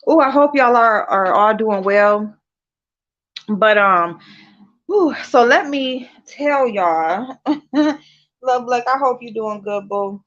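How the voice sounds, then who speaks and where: A woman's voice: on the high side, slow, long pauses, fairly bright tone. A woman hosting a casual livestream, talking bluntly and profanely straight to her chat. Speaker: livestream host. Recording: dull lo-fi livestream audio.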